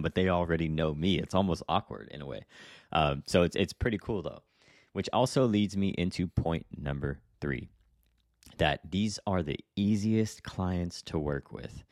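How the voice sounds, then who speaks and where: A young man with a very deep voice talks through his solo podcast in a loose, rambling style, often checking in with "right?" and restarting his sentences. His voice is recorded close up on a podcast mic in a small room, so the sound is completely dry. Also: dry recording. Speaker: podcast host, real estate agent. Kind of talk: casual solo podcast talk.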